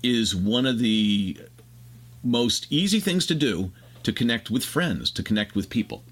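A man's voice: mid-range voice, expressive, slightly rough. Man explaining ideas in chat. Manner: expansive, explanatory, fast bursts. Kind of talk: casual conversation, explaining ideas.

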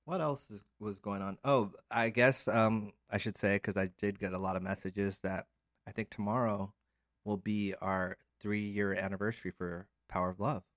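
A man in his forties co-hosting a casual podcast, quiet and hesitant, laid-back in his speech. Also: on the low side, fairly even intonation, moderate pace, no room sound, studio quality. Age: 40s. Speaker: podcast co-host.

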